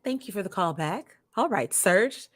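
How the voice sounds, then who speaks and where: A woman's voice: mid-range voice, animated, fairly bright tone, no room sound. A woman co-hosting a casual wrestling podcast, chatting with enthusiasm. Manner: enthusiastic, quick to laugh. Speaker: podcast co-host.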